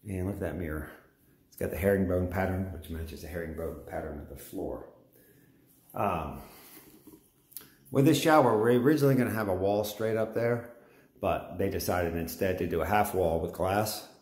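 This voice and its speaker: A man's voice: low-pitched, normal speed, darkish tone. A middle-aged man, a home builder, giving a folksy, enthusiastic walkthrough tour of a house and pointing things out as he goes. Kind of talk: casual walkthrough narration.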